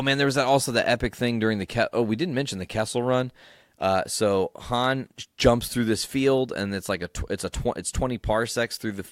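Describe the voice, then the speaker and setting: Low-voiced excitable podcast host, man. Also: no room sound, studio quality. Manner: excited, rambling, swears freely. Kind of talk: casual solo recap.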